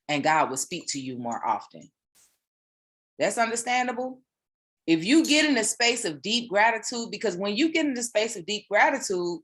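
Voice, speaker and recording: A woman, giving a casual, animated sermon-style motivational talk as a spiritual teacher, with repeated phrases. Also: mid-range voice.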